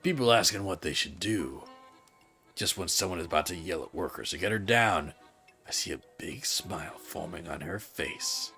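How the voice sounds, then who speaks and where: A man streaming, reading a story game aloud with expressive storytelling. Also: sits low, moderate pace, vocal fry, faint music behind.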